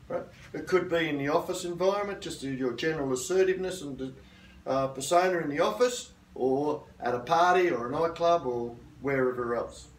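Firm middle-aged karate instructor, roomy. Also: male voice, fairly high pitch, normal speed, slight background noise. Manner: firm, assertive, checks in with "okay?". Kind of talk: self-defence lesson. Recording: roomy sound from a distant mic.

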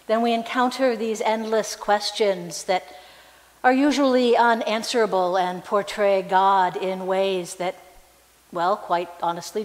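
A woman pastor giving a sermon in a conversational, reflective way in a church. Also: mid-range voice. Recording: reverberant hall.

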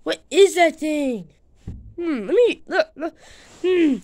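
A high, very lively female voice narrating a toy adventure for her channel. She is excitable and swings her pitch up and down, arguing back and forth as if with a friend. The talk is loose, playful and unscripted. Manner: excitable, bickering with itself, quick changes of voice. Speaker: channel host.

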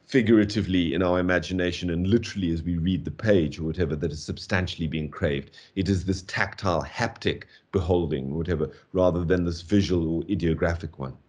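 A man's voice: deep voice, a little fast, few pauses, a little mellow. A man giving a university literature lecture, talking in long discursive runs peppered with "okay" and "whatever", and beating out poetic meter aloud. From South Africa. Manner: taps out meter aloud with syllables.

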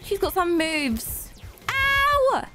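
A woman narrating her own gameplay in an animated way, gasping and squealing at surprises. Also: high voice, moderate pace. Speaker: gaming video creator. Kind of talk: playing an obby game and narrating. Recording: faint background game music.

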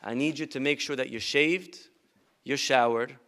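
A man's voice: medium pitch, moderate pace, a bit bright, natural voice. A man voicing a middle-aged mother firmly instructing her son in a sermon story. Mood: stern.

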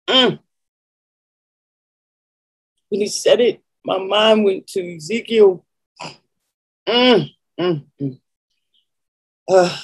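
A woman preacher giving an emotional spiritual testimony, moaning and sighing between phrases and pausing to collect herself. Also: on the low side, animated, breathy edge, poor audio.

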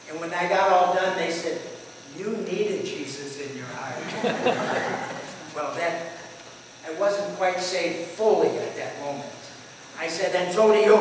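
High-voiced man in his eighties preaching. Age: 80s. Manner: folksy storytelling testimony, chuckling at himself. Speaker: pastor. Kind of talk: sermon. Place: church sanctuary. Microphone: distant room mic. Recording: echoey hall from far off, faint hiss.

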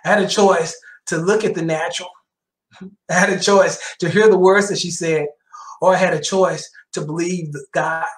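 A middle-aged elder preaches in a church sanctuary, sharing his testimony and leaning on repeated phrases for emphasis. He talks at a moderate pace in a high-sitting voice with fairly even intonation, with the church's roomy echo audible.

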